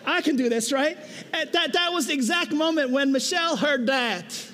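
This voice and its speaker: A man preaching a sermon, conversational and animated, often checking in with "right?" and telling stories with self-mocking humor. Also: extremely high pitch, moderate pace. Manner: conversational, keeps asking "right?". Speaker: pastor. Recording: echoey hall.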